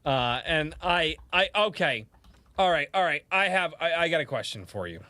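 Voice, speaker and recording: Lively, swearing male podcast host. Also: fairly high pitch, normal speed, no echo. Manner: animated, profane storytelling with acted-out quotes. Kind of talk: casual podcast chat.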